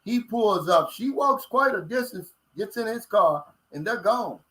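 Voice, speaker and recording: A man's voice: high-pitched, expressive, a little slow, sharp tone, poor audio. Folksy Kentucky man in his fifties. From Kentucky, USA. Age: 50s. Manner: folksy and blunt, drawls out filler words. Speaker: vlogger reading viewer comments. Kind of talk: casual livestream chat.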